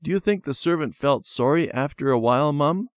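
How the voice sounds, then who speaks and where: A man voicing an eager, tearful little girl in a storybook, raising his voice high and childlike. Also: animated, brisk, dry recording, clean studio sound, close to an everyday voice. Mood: curious. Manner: pleading, high childlike pitch. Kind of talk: storybook character voice.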